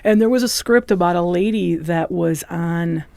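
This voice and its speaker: A woman's voice: on the low side, moderate pace, gravelly, mellow, dry recording. A woman comedian, chatting casually as a podcast guest and laughing easily.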